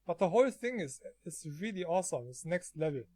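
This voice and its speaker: A man streaming from home, chatting casually, often halting and laughing. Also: sits high, very animated, mellow, no echo, studio quality.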